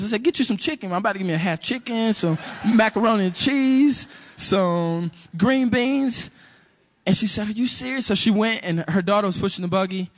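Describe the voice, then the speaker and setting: A man preaching a sermon and telling a personal story, acting out the dialogue as he goes. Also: high-pitched. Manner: animated storytelling, acts out dialogue.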